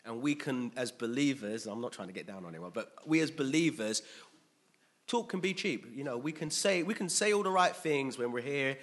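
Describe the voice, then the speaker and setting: Male preacher, slightly husky, earnest sermon delivery with restarts. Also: medium pitch, expressive, brisk. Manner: earnest, questioning the congregation, frequent restarts.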